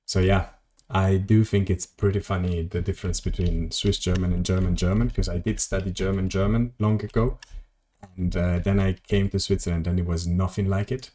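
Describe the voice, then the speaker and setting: A man's voice: sits low, steady tone, moderate pace, mellow. A man streaming a video game, rambling casually to his chat and swearing at mishaps. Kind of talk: casual gameplay commentary.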